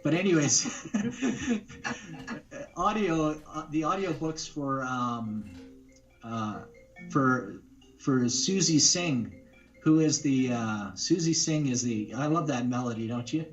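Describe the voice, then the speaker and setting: A man's voice: mid-range voice, animated, slow, muffled recording, faint music behind. A man, a voice actor, talking casually in an interview, rambling with many fillers and restarts. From Canada. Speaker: guest voice actor.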